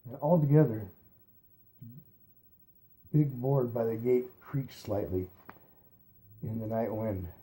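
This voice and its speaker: A man reads a novel aloud in a relaxed, amateur way, backing up to correct his stumbles. His voice is mellow and warm, at a middle pitch for a man. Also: slow, long pauses. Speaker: reader.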